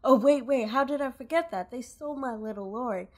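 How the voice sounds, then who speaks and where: A woman's voice: high-pitched, brisk, darkish tone, pitched above the performer's own voice. A woman voicing a tearful, robbed female shopkeeper in a game, with a put-on Southern accent and a plaintive, dramatic manner. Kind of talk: live dub of game dialogue.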